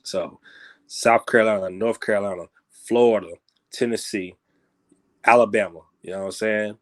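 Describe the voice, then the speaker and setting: A man talking as a guest musician in a casual interview, rambling loosely and peppering his talk with "you know what I'm saying", growing animated when he makes a point. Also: moderate pace. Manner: grows animated and higher when making a point.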